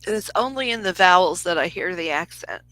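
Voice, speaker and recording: A woman in her forties talks a caller through a live psychic reading. She rambles, restarts her sentences and fills the gaps with "like" and "um". Her voice is bright and forward, and the recording is dry and close. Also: fairly low pitch, animated, brisk, no echo, low-quality recording. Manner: rambling, self-interrupting, lots of fillers. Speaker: psychic reader. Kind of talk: live reading on a phone call.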